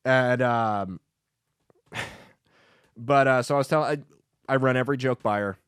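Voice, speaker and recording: A man's voice: medium pitch, unhurried, a bit bright, smooth, dry recording, studio quality. A man hosting a podcast, delivering a brash, emphatic opinion monologue full of crude jokes. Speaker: podcast host and comedian.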